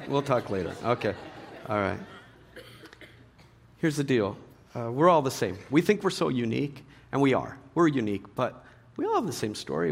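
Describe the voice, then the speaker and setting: Animated joking middle-aged male pastor. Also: medium pitch, gravelly. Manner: animated, joking, shifts between loud and hushed. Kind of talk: sermon. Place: church hall with a live audience.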